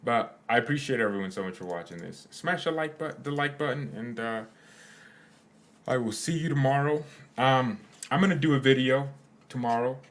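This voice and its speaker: A man's voice: medium pitch, normal speed. Rambling young man chatting with viewers. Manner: rambling, joking, trails off into silly asides. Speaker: fan channel host. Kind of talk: casual live chat with viewers.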